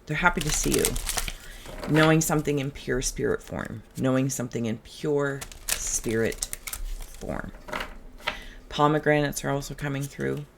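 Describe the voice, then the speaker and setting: A tarot reader hosting a relaxed, channeled reading, who talks in a musing, chatty way and drifts into humming and asides. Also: mid-range voice, unhurried, vocal fry, long pauses, background noise.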